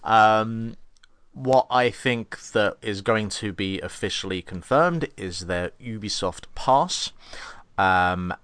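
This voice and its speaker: A man co-hosting a casual gaming podcast with a low voice. He hesitates with fillers and throws in jokey asides. The recording is dry and close. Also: slow pace, a bit bright, clean tone, no echo. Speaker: podcast co-host.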